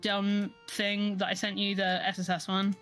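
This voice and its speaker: A woman's voice: medium pitch, monotone, normal speed, fairly bright tone, faint music behind. A woman co-streamer in casual live-stream chat, joking and self-mocking, laughing often.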